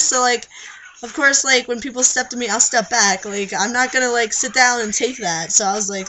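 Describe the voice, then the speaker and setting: Bright-voiced young man, rambling vlog chat. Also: very high voice, brisk, slight background noise, poor audio. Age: young adult. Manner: rambling, lots of fillers and restarts. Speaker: vlogger. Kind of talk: casual confessional vlog chat.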